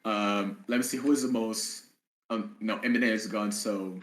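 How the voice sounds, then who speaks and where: A man playing in an improvised tabletop game, rambling and halting in a playful way. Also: on the low side, steady tone, echoey room, slight background noise, poor audio. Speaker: player. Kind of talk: improvised role-play.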